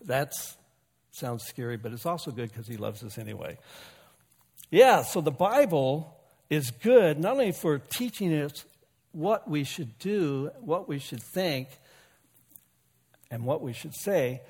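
A man's voice: on the high side, animated, measured pace, long pauses, darkish tone, breathy edge, long reverb tail. A male pastor delivering a sermon in a folksy, conversational way, joking with and calling out to his congregation. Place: church sanctuary.

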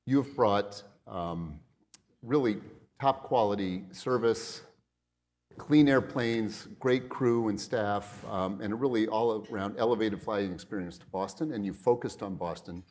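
A man's voice: lowish voice, unhurried, darkish tone. A middle-aged man interviewing a guest at a business luncheon, rambling with restarts and asides. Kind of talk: onstage interview.

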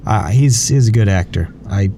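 A man's voice: lowish voice, normal speed, warm tone. A man in casual movie chat, laid-back and hesitant, with a faint hiss behind him.

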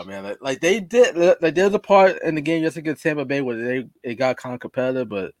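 A man's voice: medium pitch, big pitch swings, fast, few pauses, darkish tone, dry recording. A man co-hosting a casual sports podcast, loose and teasing, throwing in some swearing. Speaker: podcast co-host.

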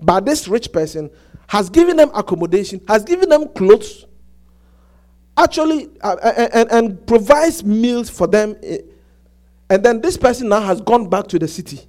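A high-voiced man preaching to his congregation. He talks in halting bursts with many restarts and keeps asking whether they get it. The telling is animated and insistent. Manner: repetitive, asks the congregation "Do you get it?". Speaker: pastor. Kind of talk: sermon.

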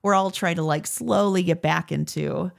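Woman hosting a podcast, gravelly edge, playful, laughs easily. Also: fairly low pitch, moderate pace. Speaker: podcast host. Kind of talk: casual chat.

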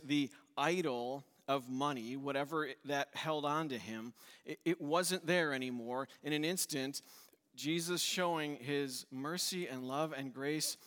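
Man, pastor, preaching, conversational, slightly raised pitch, long reverb. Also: fairly bright tone. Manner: conversational, acts out quotes with shifts in pitch and volume. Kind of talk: sermon.

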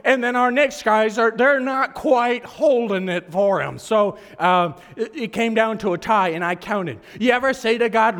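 A hoarse man preaching a sermon, telling a story in an animated, self-mocking way and laughing often. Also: high voice, a little slow, few pauses. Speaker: pastor. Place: church service hall. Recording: echoey hall reverb.

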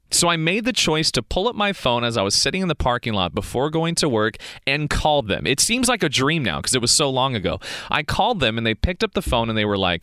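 A young man hosting a podcast, telling a motivational story in a conversational, animated way and acting out the people he quotes. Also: fairly high pitch, a little fast, smooth, no echo, studio quality. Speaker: podcast host.

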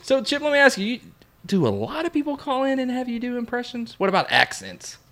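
A man's voice: very high-pitched, very animated, fairly quick, a bit bright. A man calling in, eager and stammering, giggling as he asks for requests. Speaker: caller. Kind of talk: comedy sketch.

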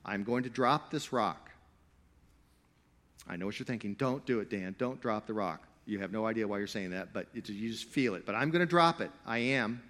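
Animated male preacher, loud then hushed. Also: normal speed. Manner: animated preaching, swinging between loud emphatic stretches and low quiet asides; playful, jokey with the crowd. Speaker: pastor. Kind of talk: sermon to a live congregation.

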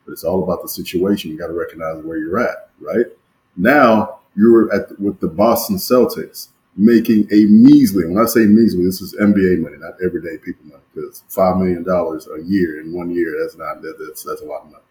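Deep-voiced slangy male co-host. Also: fairly even intonation, brisk, darkish tone, slight background noise, poor audio. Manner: slangy, emphatic, repeats phrases for effect. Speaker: podcast co-host. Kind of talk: casual podcast chat.

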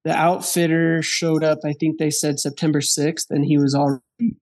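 A man telling a hunting story in casual chat, animated, laughing and acting out the dialogue of the people in it. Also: on the high side, moderate pace. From Wyoming. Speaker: podcast guest.

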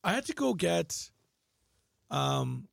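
A man's voice: high-pitched, wildly swooping pitch, slow, creaky, breathy edge, dry recording. A man on a casual podcast panel, telling a long story with lots of swearing and insisting on finishing it.

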